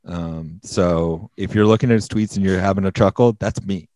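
A man's voice: sits low, normal speed, dark tone, no room sound. A man hosting a podcast in casual chat, laid-back and jokey with hesitant fillers as he signs off. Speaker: podcast host.

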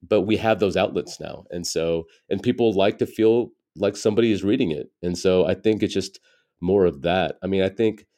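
Deep-voiced American man, candid storyteller. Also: normal speed, mellow. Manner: candid, reflective storytelling with frequent "you know". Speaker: stand-up comedian, guest. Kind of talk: casual interview conversation.

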